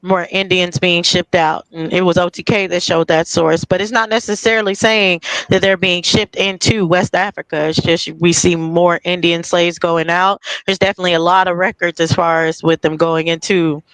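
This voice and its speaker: A man adding to a casual discussion, careful and tentative as he weighs his sources. His voice is high and even, with little rise and fall, and comes through smooth and clean. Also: moderate pace, no echo, rough recording.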